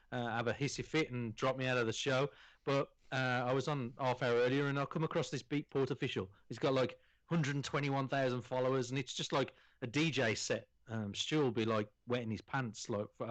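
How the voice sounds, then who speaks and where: A man's voice: medium pitch, no echo, rough recording. A man co-hosting a gaming podcast, talking in a chatty, rambling way with many fillers. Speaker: podcast co-host. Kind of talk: casual podcast chat.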